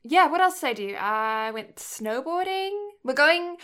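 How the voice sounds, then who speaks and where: A woman's voice: high-pitched, expressive, unhurried, a bit bright. A young woman from Canada hosting a casual anime podcast, cheerful and chatty. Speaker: podcast host. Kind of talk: casual chat.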